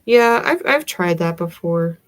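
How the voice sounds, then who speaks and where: Her voice is fairly low and animated, moving at a measured pace. She's a young adult livestream host with a Southern US accent, rambling and giggling through casual chat with viewers and using plenty of fillers.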